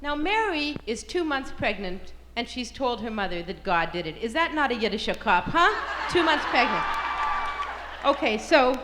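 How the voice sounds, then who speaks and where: A high-voiced woman comedian tells a brash, irreverent story on stage with punchy timing. The live recording carries audience noise and steady room hum. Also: normal speed, over a noisy crowd. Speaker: stand-up comedian. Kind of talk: stand-up comedy routine.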